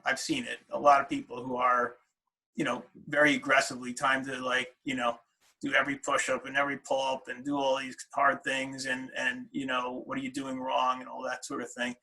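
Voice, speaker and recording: A man's voice: mid-range voice, little pitch movement, moderate pace, sharp tone, low-quality recording. A middle-aged man, a wrestler's father, telling stories in a casual interview, with many fillers and restarts.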